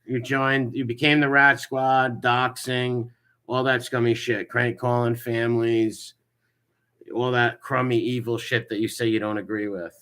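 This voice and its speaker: A man's voice: mid-range voice, flat delivery, a little slow, bright, forceful tone, smooth. A man hosting a casual livestream, mocking a clip he plays and greeting viewers in the chat. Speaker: livestream host reacting to a clip.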